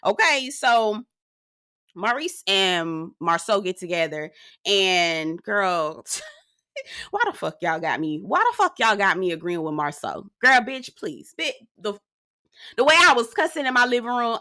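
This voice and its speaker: A woman's voice: on the high side, a little slow, dry recording, clean studio sound. A woman hosting a casual reality TV recap, telling it in an outspoken, sassy, profane and gossipy way. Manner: animated, gossipy storytelling. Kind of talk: casual commentary.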